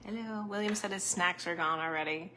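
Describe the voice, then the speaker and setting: A woman's voice: on the low side, fairly quick, bright, forceful tone, a little hiss or hum. A woman hosting a casual live stream as a psychic medium at home, close to the camera, rambling and chatty and laughing often.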